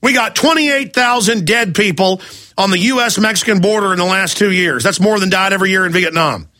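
A man's voice: high voice, sharp tone. A man hosting a talk radio show, ranting angrily and firing off rhetorical questions. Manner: angry, ranting, rapid-fire rhetorical questions. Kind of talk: heated talk radio rant.

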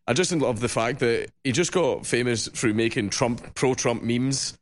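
A man chatting casually as a studio guest on a radio show, relaxed and quick to laugh. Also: medium pitch. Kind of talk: casual chat.

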